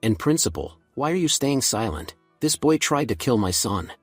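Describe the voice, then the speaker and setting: Loud greedy mom in a comic recap, pushy and accusing, husky, narrator guy doing her. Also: medium pitch, very animated, moderate pace, no room sound, soft background music. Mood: angry. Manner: shouting and accusing. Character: greedy shrill middle-aged mother demanding money.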